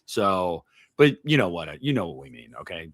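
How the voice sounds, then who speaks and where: A man's voice: deep voice, big pitch swings, moderate pace, no echo, studio quality. A man hosting a podcast in a casual, rambling, upbeat way. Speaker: podcast host. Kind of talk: casual chat.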